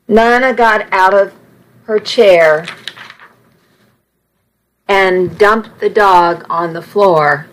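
A woman narrating a first-person story in an unhurried, plain way. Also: medium pitch, fairly bright tone, rough recording.

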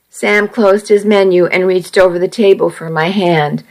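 A woman reading a first-person romance story aloud in a steady, measured way. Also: lowish voice, rough recording.

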